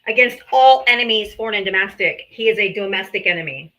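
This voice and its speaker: Combative, bright-voiced woman stream host. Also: mid-range voice, expressive, fast, rough recording. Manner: combative, profane, sarcastic. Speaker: live-stream debate host. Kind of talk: heated political debate on a live stream.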